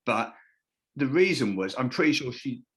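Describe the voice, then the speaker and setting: A man's voice: medium pitch, animated, moderate pace. A man, a comedian on a live panel, telling a rambling anecdote that keeps interrupting itself and acts out the people he quotes. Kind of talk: comic storytelling on a live panel.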